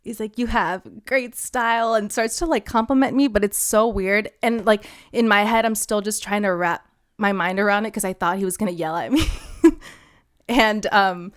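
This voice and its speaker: A young woman co-hosting a podcast, telling a story in casual chat, animated and laughing often. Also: mid-range voice, normal speed, clean tone. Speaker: podcast co-host.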